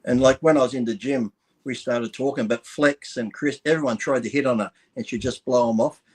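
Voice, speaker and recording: A man's voice: mid-range voice, brisk, breathy edge. Rambling, cursing male co-host. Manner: rambling, swearing freely. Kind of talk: casual chat.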